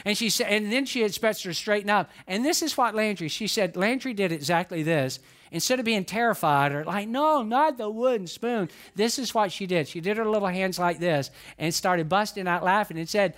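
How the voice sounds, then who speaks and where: High-voiced older male preacher. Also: fairly bright tone. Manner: repetitive, questions the congregation, storytelling. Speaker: pastor. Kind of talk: sermon.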